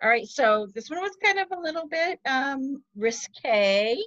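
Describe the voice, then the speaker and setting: A woman's voice: sits high, animated, unhurried, fairly bright tone, dry recording. A woman co-hosting a podcast, reading a riddle in playful casual chat. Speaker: podcast co-host. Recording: dull dry lo-fi mic.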